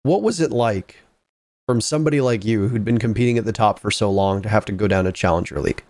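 Low-voiced man, rambling interviewer. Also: lively intonation, quick pace, a little mellow, no room sound. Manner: rambling, many restarts and asides. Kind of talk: casual esports interview.

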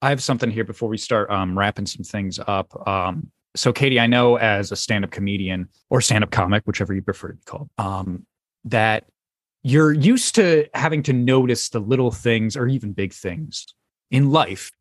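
A man hosting a casual podcast chat, telling stories in an animated way and swearing casually. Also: lowish voice, normal speed, no echo. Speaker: podcast host.

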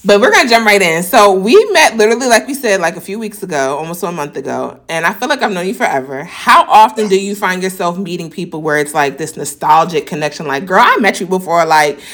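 A woman's voice: fairly low pitch, expressive, a bit bright. A woman hosting a podcast in casual chat, bubbly and slangy. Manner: fast, bubbly, slangy talk. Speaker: podcast host.

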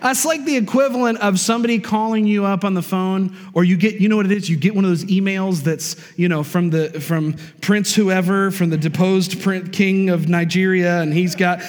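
A man preaching in a church sanctuary, his voice high and carrying, pressing his points with rising emphasis and frequent calls of amen. The sound hangs in the long reverb of a large hall. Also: fairly even intonation, moderate pace, few pauses, a little mellow. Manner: emphatic preacher with call-and-response asides. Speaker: pastor. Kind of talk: sermon.

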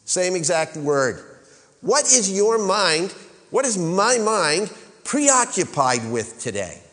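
Preaching in a large hall, a male pastor climbs to emphatic peaks and calls on the congregation to answer him. He speaks slowly in a high-pitched, very animated voice that is a bit bright.

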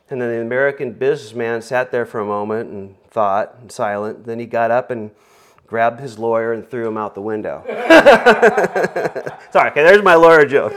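Casting: male preacher, mid-pitched, casual rambling sermon with lots of fillers. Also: animated, measured pace. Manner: rambling, filler-heavy, joking. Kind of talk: conversational sermon.

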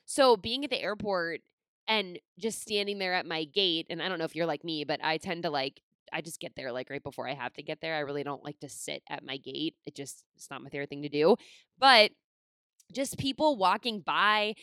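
A chatty woman rambling through a personal story, her voice smooth and clean. The sound is close and dry, with no room behind it. She fills her talk with "like" and drops in self-deprecating asides. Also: low-pitched, lively intonation, brisk, a bit bright, no echo. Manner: chatty, rambling, heavy use of "like".

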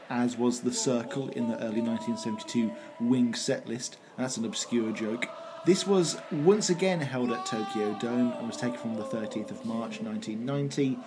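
A man co-hosting a podcast in casual banter, animated and profane, laughing at his own jokes. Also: medium pitch, background noise. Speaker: podcast co-host.

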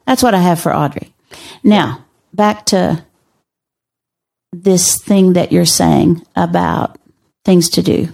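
An older woman, a guest on a podcast, telling stories in a measured, wry way. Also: lowish voice, vocal fry, a little mellow. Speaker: podcast guest, teacher and author. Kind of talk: conversational storytelling.

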